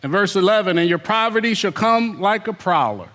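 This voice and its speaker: High-voiced preacher in a reverberant hall. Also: male voice, animated, fairly quick, pushed and bright. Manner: preaching, calls out the congregation, mimics excuses in whiny voices. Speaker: pastor. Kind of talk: sermon.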